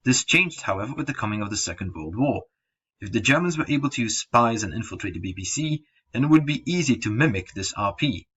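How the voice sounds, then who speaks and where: Husky-voiced young man reading a slideshow talk. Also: mid-range voice, animated, quick pace, a bit bright. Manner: reads steadily from a script, with occasional stumbles. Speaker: student presenter. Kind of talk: read-aloud slideshow presentation. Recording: dull lo-fi home recording.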